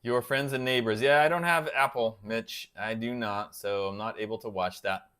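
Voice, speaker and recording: A man's voice: medium pitch, fairly even intonation, moderate pace, a bit bright, smooth. A man hosting a casual livestream, chatting loosely and answering viewers by name. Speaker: guitar channel host reading live chat.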